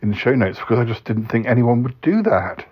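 A man's voice: mid-range voice, sing-song, brisk, husky. A man hosting a comic podcast skit, fretful and easily worried. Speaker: podcast host. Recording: dull lo-fi recording.

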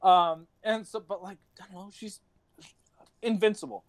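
A man's voice: high voice, steady tone, normal speed, no room sound. A young man telling rambling stories on a casual podcast, swearing often and laughing between lines. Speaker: podcast host.

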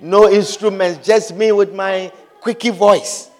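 A man's voice: sits high, fairly even intonation, unhurried, darkish tone. A pastor preaching a sermon. He repeats key phrases for emphasis and keeps asking the congregation whether they understand.

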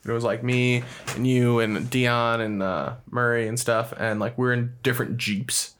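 A man in a relaxed chat among friends, with a middle-range voice. He tells his stories with rising excitement and lots of cursing. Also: mid-range voice, unhurried, a little hiss or hum. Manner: animated storytelling with heavy swearing. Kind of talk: casual chat.

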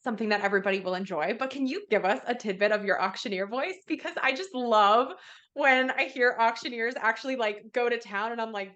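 A woman's voice: a little high, a little fast, fairly bright tone. A woman hosting an interview podcast, enthusiastic and casual, with slangy chat. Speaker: podcast host.

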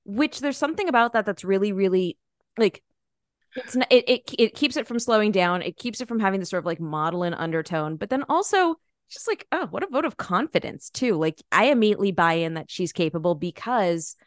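A woman's voice: mid-range voice, sing-song, brisk, no room sound, clean studio sound. An American woman talking casually about a film, chatty and full of restarts and fillers. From United States. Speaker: podcast co-host or guest.

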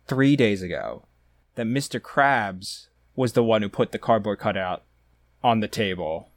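A man's voice: on the low side, dry recording. A young man hosting a podcast, telling rambling stories in casual chat. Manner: rambling storyteller, animated when retelling scenes. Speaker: podcast host.

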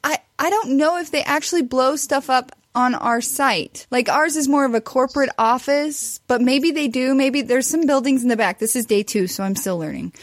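A woman's voice: sits high, normal speed, no echo. Bubbly, giggly woman chatting. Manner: bubbly, giggly, animated storytelling. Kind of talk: casual chat. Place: Colorado.

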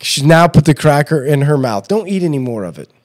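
Animated, teasing podcast host man. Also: fairly high pitch, brisk, dry recording. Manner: rambling, laughs often, teasing. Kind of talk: casual podcast chat.

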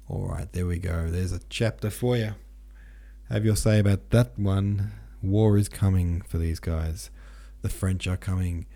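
Brief: man, podcast narrator, slangy and loose, deep dark voice. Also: fairly even intonation, unhurried, creaky. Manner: irreverent, slangy retelling. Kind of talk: casual audiobook narration.

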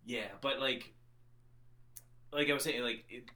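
A man talking casually on a podcast about a film he has just watched. He is animated and profane, drops into silly quoted voices and breaks into laughter, at an ordinary pitch. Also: unhurried. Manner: animated, swears freely, acts out quotes with laughs. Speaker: podcast co-host. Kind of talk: casual movie discussion.

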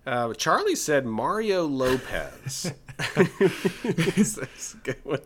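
A man's voice: fairly high pitch, sing-song, drawn-out words, slight background noise. A man from the American South with a Southern accent, co-hosting a podcast in casual chat, giggly and playfully indignant. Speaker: podcast co-host.

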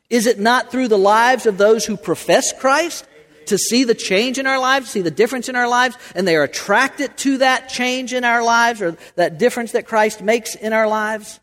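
A male pastor preaches in a loose, conversational way, circling back on his words and tossing questions to his listeners. His voice sits high. A long reverb trails each phrase in the church. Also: moderate pace, fairly bright tone. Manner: conversational, many restarts and rhetorical questions. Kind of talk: sermon.

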